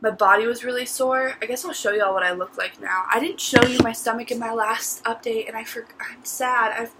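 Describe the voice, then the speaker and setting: A woman's voice: a little high, steady tone, fairly quick, background noise. A teenage woman telling her story to camera in a casual vlog, chatty and full of "like" and "literally.". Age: teens. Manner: chatty, says "like" and "literally" a lot. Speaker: vlogger.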